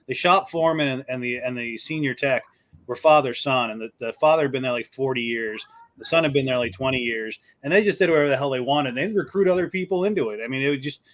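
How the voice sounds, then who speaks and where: A man telling lively stories in a casual chat and acting out the people in them. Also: medium pitch, fast talker. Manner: animated storyteller, acts out quoted voices. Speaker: co-host.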